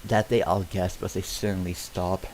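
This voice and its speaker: A man's voice: low voice, level tone, moderate pace, a little mellow, slight background noise, rough recording. A man streaming as he reads a film script aloud, often stumbling and restarting mid-sentence, with casual asides.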